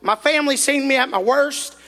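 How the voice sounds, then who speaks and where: A man preaching a sermon, telling a folksy story in an animated way that rises into shouts. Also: very high voice, fairly quick. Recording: echoey hall reverb.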